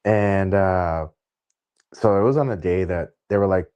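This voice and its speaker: A man hosting an interview, chatting casually and easygoingly, laughing readily with halting fillers. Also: low voice, darkish tone, clean tone. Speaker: interview host.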